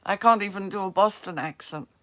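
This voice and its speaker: A woman's voice: mid-range voice, a little fast, fairly bright tone. A woman with a New Jersey accent, hosting a crafts livestream and chatting casually with viewers in the comments. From northeastern US. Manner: chatty, friendly asides to commenters.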